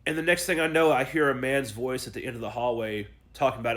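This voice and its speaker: Hombre que narra con franqueza y groserías. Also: male voice, medium pitch, fairly even intonation, fast, few pauses, a bit bright. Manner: blunt, profane, emotional retelling with quoted voices. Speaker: vlogger telling his own story. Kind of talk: casual storytelling.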